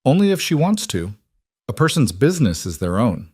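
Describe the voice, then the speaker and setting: A man voicing a plain-spoken father in a storybook reading, firm but gentle and matter-of-fact. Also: mid-range voice, very animated, moderate pace, breathy edge, no echo, clean studio sound, pitched above the performer's own voice.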